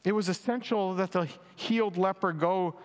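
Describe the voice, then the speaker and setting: Earnest high-voiced man preaching in a hall. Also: steady tone, normal speed, clear, resonant tone. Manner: earnest, emphatic, rises for quoted lines. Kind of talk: sermon, reading and explaining scripture. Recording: long hall reverb.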